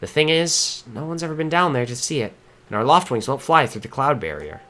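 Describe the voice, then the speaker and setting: A man reading aloud the lines of a cheerful, earnest young girl companion from a game, in a gentle, encouraging way. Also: a little high, very animated, a little fast. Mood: wistful.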